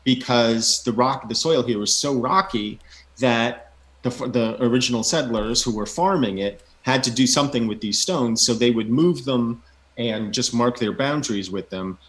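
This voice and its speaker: A man's voice: mid-range voice, moderate pace, a bit bright. A man from the United States, a guest on a podcast, talking in a dry, self-deprecating way. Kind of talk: casual interview chat.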